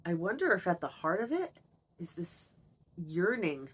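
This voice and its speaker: Woman, middle-aged, husky voice, low pitch, candid reflective vlog talk. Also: very animated, unhurried. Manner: reflective, confiding, with fillers. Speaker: vlogger. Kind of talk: candid personal monologue.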